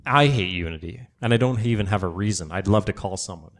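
Low-voiced deadpan man co-hosting. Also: fast. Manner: deadpan joker. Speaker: podcast co-host. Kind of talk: casual chat.

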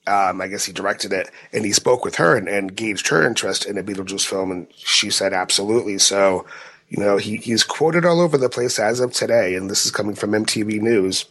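A man co-hosting a podcast in casual chat, halting and often repeating his words as he talks. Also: on the low side, a bit bright. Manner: halting, with frequent word repeats. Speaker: podcast co-host.

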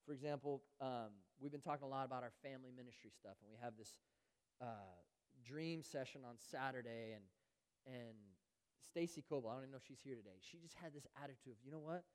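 A man preaching a sermon as pastor, earnest, rising louder on key phrases and dropping very soft on others, sometimes acting out the voices of churchgoers. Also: medium pitch, a little fast, smooth, in a large hall. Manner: earnest, swells louder on key phrases and drops to near-whispers; acts out everyday voices of churchgoers. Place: church sanctuary.

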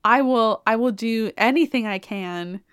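A devoted young heroine , put on by a woman, pleads her faithful love in a high, breathless voice. The voice is smooth and sits close to a dry microphone. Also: measured pace, a bit bright, dry recording. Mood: pleading.

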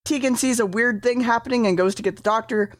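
A woman's voice: fairly high pitch, fast talker, no room sound. Woman rambling through an episode recap, swears a bunch, fixes her words as she goes, dry close sound. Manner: rambling, swearing, self-correcting.

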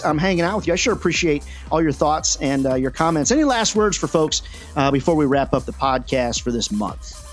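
Chatty, upbeat male podcast host. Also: medium pitch. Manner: enthusiastic, chatty, many "uh" fillers. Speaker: podcast host and sales coach. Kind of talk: casual podcast talk.

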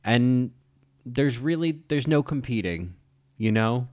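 A man's voice: medium pitch, expressive, takes it slowly, darkish tone, dry recording, studio quality. A man hosting a podcast, gushing about film performances in a campy, enthusiastic way. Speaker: podcast host. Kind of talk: casual film commentary.

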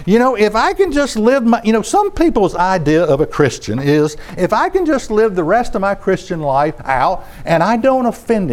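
A middle-aged man preaching a sermon in a folksy, conversational way with sarcastic asides. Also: sits high.

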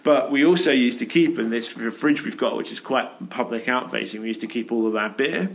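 A man's voice: mid-range voice, a little fast, gravelly. A man hosting a casual podcast chat in an office, telling a rambling story with plenty of fillers. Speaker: podcast host.

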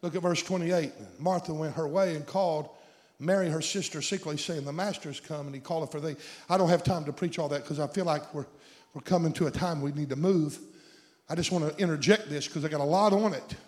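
A man preaching a sermon, building to shouts at the climaxes and calling out questions to the congregation. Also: fairly high pitch, fairly quick. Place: church sanctuary. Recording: long hall reverb.

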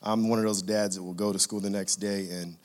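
A man in his thirties from California, his voice sitting a bit low as he tells a personal faith story. He speaks in an earnest, conversational way and laughs now and then at his own jokes. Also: flat delivery, a little fast, a little mellow. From Inglewood, California. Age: 30s. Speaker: father sharing a faith testimony.

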